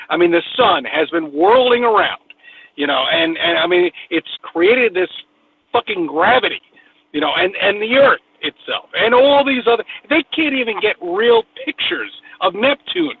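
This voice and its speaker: A man's voice: extremely high pitch, huge pitch swings, normal speed, creaky, slightly rough. A man with a New York accent talking in a rambling, profane, emphatic way during a casual online conversation. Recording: tinny phone-like line with faint noise.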